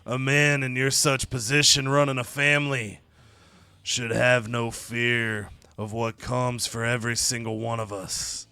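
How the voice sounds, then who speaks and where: A man voicing a menacing undead wrestler who speaks slowly and ominously. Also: medium pitch, flat delivery, bright, forceful tone, clear, resonant tone, no room sound, voice pushed down. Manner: slow, ominous, drawn-out.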